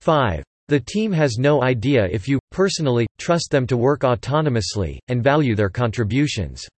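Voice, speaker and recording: Man, deadpan satirical narrator, sarcastic, bouncy lively intonation, dry close sound. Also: medium pitch, moderate pace, dry recording. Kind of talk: deadpan comic narration and one-sided phone sketch.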